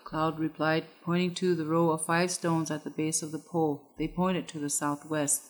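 A woman narrating an audiobook with measured, even pacing. Her voice sits a little low for a woman. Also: low-quality recording.

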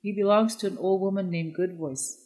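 A narrator voicing a quiet, polite young woman who firmly refuses a trade, in a storybook reading. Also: medium pitch, fairly even intonation, brisk, close to an everyday voice.

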